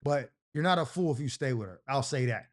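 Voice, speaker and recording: A man's voice: mid-range voice, expressive, fairly quick. A man hosting an advice show, talking in a slangy, fired-up, heated way. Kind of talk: casual advice rant.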